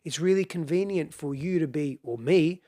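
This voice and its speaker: A man's voice: a little high, normal speed, dark tone. A middle-aged man speaking as a podcast guest, explaining in an earnest, reflective way and repeating phrases for emphasis.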